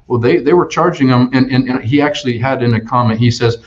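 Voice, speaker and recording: A man talking as a sales expert on a webinar, energetic and full of restarts and "right?" tags. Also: medium pitch, a little fast, hardly any pauses. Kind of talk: conversational webinar talk. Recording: dull lo-fi online webinar audio.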